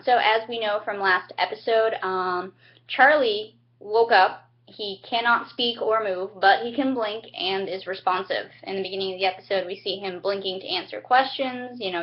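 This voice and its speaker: A young woman giving a chatty, casual recap of a TV episode, acting out the characters' lines with sudden high-pitched jumps. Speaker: TV recap vlogger. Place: home, indoors. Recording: dull lo-fi home webcam audio.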